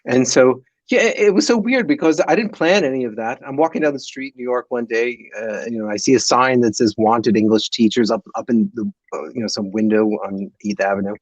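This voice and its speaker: A man tells his story as a podcast guest, animated and full of restarts. The sound is dry and a little dull, with no room around it. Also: mid-range voice, a little fast, no room sound. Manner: lively storyteller, heavy on fillers and restarts.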